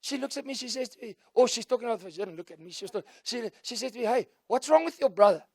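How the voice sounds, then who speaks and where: A middle-aged South African man preaching with a high voice, swinging from hushed storytelling up to loud calls the congregation answers. The sound is dry and close, with little room echo. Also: animated, quick pace, vocal fry. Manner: switches between soft storytelling and loud call-and-response shouting. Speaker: pastor. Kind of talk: sermon.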